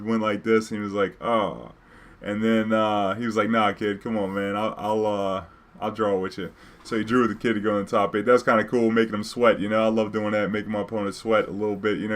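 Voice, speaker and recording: Laid-back slangy man telling a story. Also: lowish voice. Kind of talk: casual storytelling.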